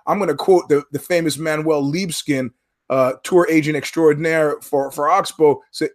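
A man's voice: a little high, fairly even intonation, moderate pace. A man hosting his own podcast, talking alone in a rambling, sardonic, profane way and drifting from one story to the next. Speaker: podcast host. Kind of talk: rambling solo commentary.

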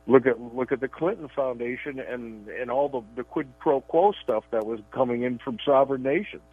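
A man's voice: mid-range voice, moderate pace, husky. A man co-hosting a political radio show, talking emphatically and often repeating words as he starts his sentences. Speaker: radio show co-host and columnist. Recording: tinny phone line, dry.

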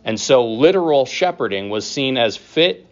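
A man preaching a sermon as pastor, in a conversational way, with casual asides and quick laughs. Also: mid-range voice, expressive, muffled recording.

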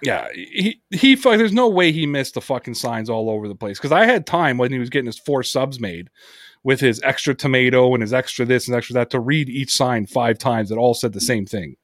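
A man hosting a casual sports podcast. He reads sponsor plugs and tells stories in an animated way, swearing often. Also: mid-range voice, brisk, no echo. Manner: animated storyteller, heavy swearing. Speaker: podcast host.

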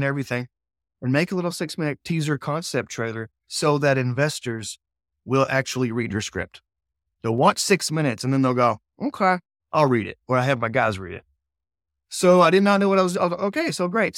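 Earnest, animated man telling a story. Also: medium pitch, no room sound, clean studio sound. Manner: earnest, animated, acts out quoted exchanges. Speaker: filmmaker guest. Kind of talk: casual storytelling interview.

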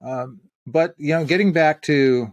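A man's voice: a little high, a little slow, dry recording, muffled recording. Middle-aged guy telling stories, reflective, dry close mic. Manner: reflective, storytelling, easy laughs. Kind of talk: casual conversation.

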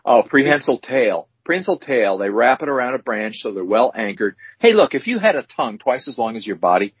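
A man's voice: mid-range voice, very animated, brisk, breathy edge, no room sound. A man co-hosting a casual podcast, bantering with a playful, mock-emotional manner. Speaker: podcast co-host. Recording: dull lo-fi sound.

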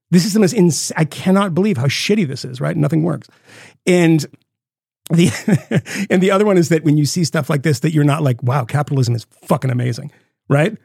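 A man co-hosting a podcast, telling stories in a rambling, profane, animated way. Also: fairly high pitch, creaky, husky, no room sound, studio quality. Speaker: podcast co-host. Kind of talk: casual chat.

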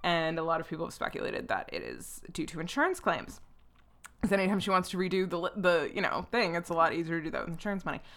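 Chatty young woman, lower pitch. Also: lively intonation, fast, fairly bright tone. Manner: chatty and opinionated, frequent "like" fillers and swearing. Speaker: podcast host. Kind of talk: casual podcast chat.

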